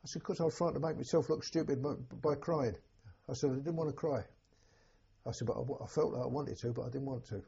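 An older English man, a war veteran, telling an oral history in a halting, plain-spoken way with a husky voice. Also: mid-range voice, warm tone, lo-fi sound. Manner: halting, plain-spoken storytelling with many restarts. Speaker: war veteran recounting memories.

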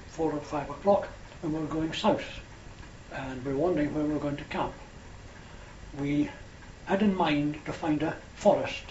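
A man's voice: on the high side, darkish tone. Older Scottish man reminiscing, roomy lo-fi tape. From Scotland. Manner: rambling, unhurried, with hesitations and self-corrections. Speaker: storyteller. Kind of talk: oral history reminiscence. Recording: roomy, dull lo-fi recording with faint hiss.

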